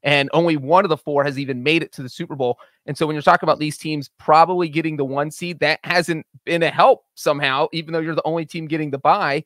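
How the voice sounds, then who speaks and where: Man co-hosting a sports podcast, measured and methodical, slightly high voice, dry close sound. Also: fairly even intonation, fairly bright tone, no echo. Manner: measured, building a case. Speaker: podcast co-host. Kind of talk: casual sports chat.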